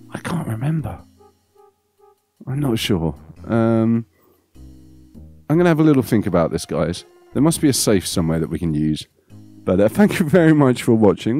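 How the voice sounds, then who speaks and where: A man's voice: mid-range voice, warm tone. A man hosting a let's play, chatting playfully and thinking aloud as he goes. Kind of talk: casual gameplay commentary.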